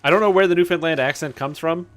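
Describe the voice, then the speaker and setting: Chatty streamer, rambling. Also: male voice, on the high side, fast talker, a bit bright, clear, resonant tone. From Canada. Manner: rambling, chatty, many fillers. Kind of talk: casual gaming chat.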